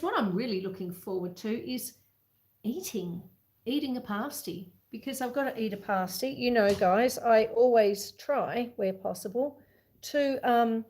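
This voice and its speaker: A woman's voice: on the high side, darkish tone, reverberant, poor audio. A woman homesteader chatting casually with viewers of her live cooking stream as she bakes and tidies up in her home kitchen, talking them through each step in a homely way. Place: home kitchen with a wood stove.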